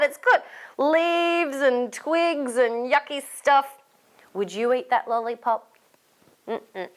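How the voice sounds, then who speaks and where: High, lively Australian woman reading to kids. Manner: animated, asks young listeners questions and invites them to join in. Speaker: children's entertainer. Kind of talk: reading a picture book aloud to children.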